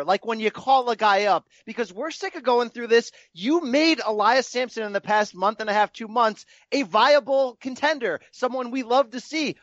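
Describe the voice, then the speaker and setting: A man's voice: extremely high pitch, fairly bright tone, no echo. A man co-hosting a casual podcast, arguing emphatically with punchy, lecturing commands. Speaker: podcast co-host. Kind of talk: casual wrestling podcast chat. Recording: slightly dull, muffled mic.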